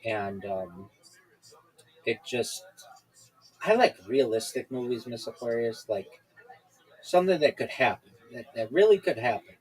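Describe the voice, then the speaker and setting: A man's voice: medium pitch, lively intonation, measured pace, long pauses, low-quality recording. A man hosting a podcast over a video call, chatting casually and rambling with many fillers and restarts. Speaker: podcast host. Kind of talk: casual chat.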